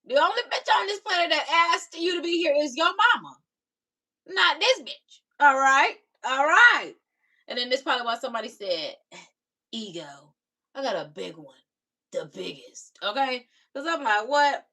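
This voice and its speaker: A woman's voice: high voice, animated, normal speed, bright, forceful tone. A young woman, reacting to viewer comments on her live stream in sassy casual chat. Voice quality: raspy. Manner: sassy, talks back to commenters.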